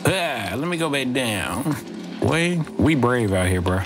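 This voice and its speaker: A man's voice: mid-range voice, big pitch swings, measured pace, music in the background. A man casually commenting on his own gameplay, rambling and joking and saying bro constantly. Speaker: gaming streamer. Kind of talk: let's play commentary. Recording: game audio playing under voice.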